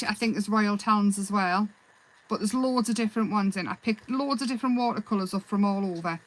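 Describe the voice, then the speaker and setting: A woman hosting a live craft demonstration, chatting in a relaxed, rambling way and answering viewers' comments as she works. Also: mid-range voice, low-quality recording. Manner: relaxed, self-deprecating. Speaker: craft livestream host.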